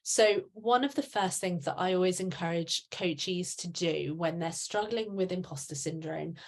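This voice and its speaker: Woman in middle age, lowish voice, chatty webinar presenter who explains and restarts as she goes. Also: moderate pace. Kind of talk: webinar talk.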